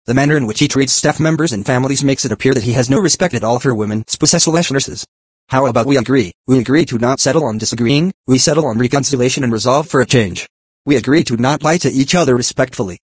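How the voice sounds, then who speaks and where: A computer-generated male voice reading text aloud in an even, mechanical way, speaking symbols and punctuation as words. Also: mid-range voice, fast, breathy edge, dry recording. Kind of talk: synthetic text-to-speech reading.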